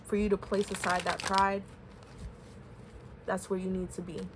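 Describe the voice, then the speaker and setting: A woman's voice: medium pitch, flat delivery, moderate pace, noisy background. A woman giving a casual tarot reading, talking openly and emotionally to her viewers with many fillers. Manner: candid, emotional, chatty with fillers. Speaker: tarot reader.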